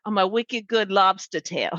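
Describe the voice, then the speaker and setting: A woman from Maine co-hosting a podcast, telling stories in a chatty, animated way. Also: mid-range voice, unhurried, no room sound, highs cut off. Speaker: podcast co-host. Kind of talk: casual chat.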